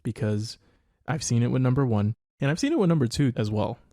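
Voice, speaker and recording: A man's voice: medium pitch, expressive, brisk, dark tone, no room sound, clean studio sound. A man co-hosting a podcast as a father, talking in a reflective, hedging way and laughing easily. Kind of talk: casual chat.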